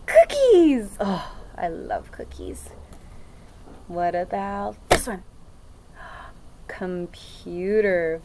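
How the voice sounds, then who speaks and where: A young adult woman teaching a children's phonics lesson in an upbeat, encouraging, slow sing-song way. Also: on the high side, darkish tone, slight background noise.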